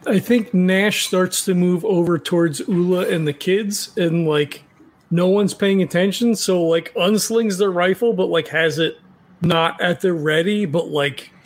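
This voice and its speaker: A man playing a tabletop game, describing his character's actions in a halting way full of fillers. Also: sits high. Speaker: player.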